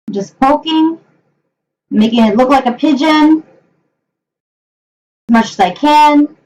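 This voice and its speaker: A young woman with a fairly high voice hosts a casual live cooking stream from her home kitchen. She rambles chattily, with plenty of ums and trailing pauses, talking to her viewers and her dogs. Her voice sits a little back from the microphone. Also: darkish tone. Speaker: cooking livestream host. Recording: voice a bit far from the mic.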